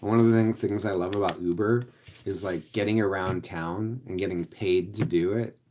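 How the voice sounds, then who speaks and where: A man's voice: deep voice, steady tone, normal speed, background noise. A man who drives for ride-share, chatting casually and rambling, filling his talk with "like" as he answers viewers. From Los Angeles area. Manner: rambling, heavy use of "like". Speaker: rideshare driver vlogger.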